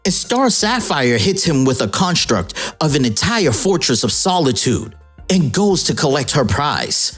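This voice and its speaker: A woman recaps a comic event playfully and casually. Her voice is low and husky. Her pitch swings widely, and faint music plays underneath. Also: big pitch swings, a little slow. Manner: playful, jokey. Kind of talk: animated casual storytelling.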